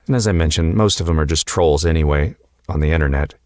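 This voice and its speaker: A man hosting a podcast, giving a calm, earnest and encouraging motivational talk with slow, emphatic pauses. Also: rumbling low, no echo, studio quality. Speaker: podcast host and coach.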